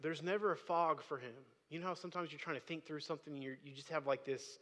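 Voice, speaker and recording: A man's voice: on the high side, quick pace, a bit bright. A man preaching a sermon as pastor, speaking conversationally and rising to emphatic bursts. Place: church sanctuary. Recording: long hall reverb.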